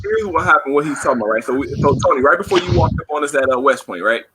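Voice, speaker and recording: A man hosting a casual group chat, telling stories with lively acted-out quotes and frequent laughter. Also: fairly high pitch, rapid-fire, noisy background. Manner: animated storytelling, acts out quotes, laughs often.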